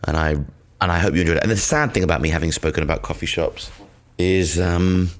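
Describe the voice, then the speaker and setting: A man's voice: sits low, brisk. A man from Britain hosting a comedy podcast, rambling through a sardonic, sweary monologue.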